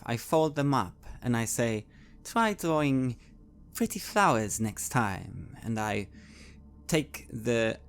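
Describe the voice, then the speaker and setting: A man playing his character in a tabletop game, calmly describing his actions. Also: medium pitch. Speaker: player.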